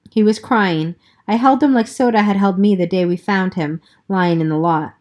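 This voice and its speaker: A woman reading a novel aloud in a steady first-person narration, with the occasional slip. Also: mid-range voice, normal speed, few pauses. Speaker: reader.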